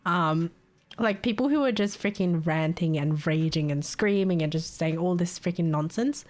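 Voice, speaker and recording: A woman's voice: lowish voice, normal speed, a little mellow. A young woman talks casually to her stream viewers at a desktop mic. She is chatty, swears freely and breaks into laughter often.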